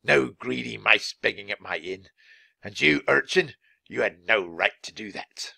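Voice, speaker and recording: A man doing a shrill, stingy innkeeper. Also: expressive, measured pace, gravelly, sharp tone, husky, no room sound, exaggerated voice. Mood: scornful. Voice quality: shrill, whining. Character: stingy, whining male innkeeper, sneering.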